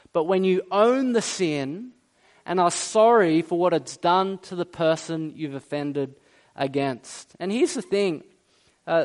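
Man preaching a conversational sermon, slightly high voice. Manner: conversational preaching, asks the congregation rhetorical questions; acts out quoted speech in varied voices. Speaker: pastor.

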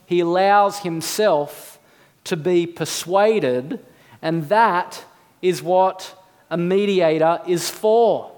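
A man, perhaps in his thirties, preaching a sermon, earnest and emphatic, with rhetorical questions. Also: sits high. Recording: long reverb of a hall.

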